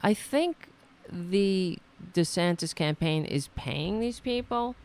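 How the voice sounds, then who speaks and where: A woman hosts a political talk show in a slow, unhurried way, her voice full of gravelly fry. She mocks her targets sarcastically and rambles, often restarting her sentences. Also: lowish voice, expressive, darkish tone. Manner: sarcastic, mocking. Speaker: host. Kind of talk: political commentary. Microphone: computer mic on a call setup.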